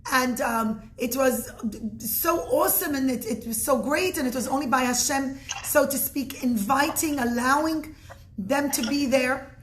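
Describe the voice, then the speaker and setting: A woman teaching in an informal religious talk, her voice sitting high. She tells her story earnestly and often restarts or corrects herself mid-sentence. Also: a little slow, slight background noise.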